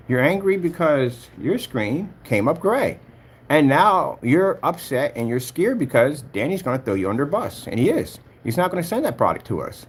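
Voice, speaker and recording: Husky man ranting and taunting. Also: a little high. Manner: taunting, repeats himself, talks straight at a rival. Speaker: projector screen maker vlogger. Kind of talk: heated ranting vlog commentary.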